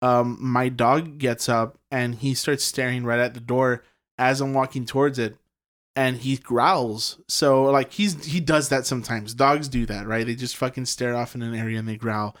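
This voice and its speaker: A man's voice: mid-range voice, steady tone, moderate pace, fairly bright tone. A young man telling a story in casual chat, rambling, with lots of fillers and swearing. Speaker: podcast guest telling a ghost story.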